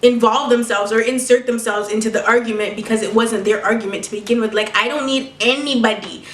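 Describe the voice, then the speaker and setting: A woman's voice: fairly high pitch, fairly even intonation, brisk, recorded from a distance. A young woman vlogger telling a story with sass, profanity and laughter, recorded at home. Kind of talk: storytime vlog. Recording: echoey room, mic set back.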